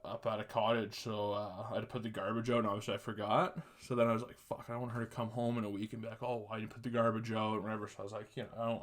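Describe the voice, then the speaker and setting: A young man from Canada hosting a podcast, telling rambling, sarcastic stories with plenty of swearing and quick laughs. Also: mid-range voice. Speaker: podcast host. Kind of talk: casual comedic monologue.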